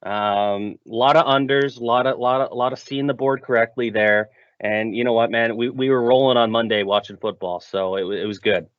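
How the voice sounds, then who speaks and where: A man's voice: mid-range voice, steady tone, fairly quick, few pauses, dry recording. A man co-hosting a casual sports betting podcast, upbeat and laid-back in his banter. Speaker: podcast co-host. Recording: muffled lo-fi podcast mic.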